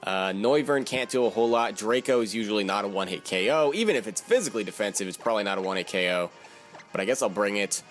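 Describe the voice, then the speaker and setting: A man casually commentating his own game battle, thinking aloud and joking at himself. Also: medium pitch.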